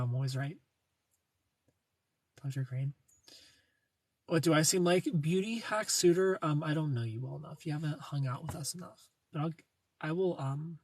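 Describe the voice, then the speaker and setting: A young man on a casual livestream reads viewer chat, greets people by name and jokes around playfully. His voice is on the high side with a breathy edge, and the recording is dry.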